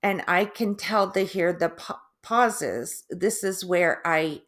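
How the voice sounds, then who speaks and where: Slow, halting middle-aged woman. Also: lowish voice, a bit bright. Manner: halting, with restarts and long pauses; drawn-out, oddly stressed syllables. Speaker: vlogger sharing her stroke recovery. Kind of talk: casual personal video.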